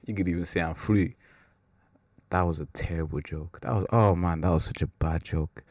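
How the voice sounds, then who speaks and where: A man's voice: deep voice, normal speed, a little mellow, no echo. A man hosting a faith podcast, talking in a loose, rambling way that is full of "like" and pokes fun at himself. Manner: rambling and self-mocking, with filler "like". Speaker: podcast host. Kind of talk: casual faith talk.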